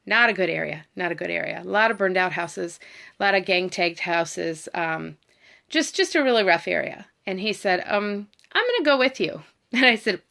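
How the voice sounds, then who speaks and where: A woman's voice: mid-range voice, creaky, sharp tone. A middle-aged woman, chatting and rambling as she tells a story on a livestream, talking to viewers and her dog. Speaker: vlogger.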